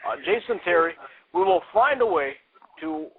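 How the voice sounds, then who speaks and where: A man impersonating a male president giving a halting, mock-formal speech full of pauses, as a comedy podcast bit. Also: high voice, expressive, heavy background noise. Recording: tinny phone-like lo-fi audio.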